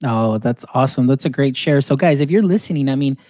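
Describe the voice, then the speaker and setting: A man's voice: medium pitch, animated, fast talker, dark tone, no room sound, clean studio sound. A man hosting an education chat show, talking in an encouraging, chatty way and laughing easily. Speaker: show host. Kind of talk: casual panel chat.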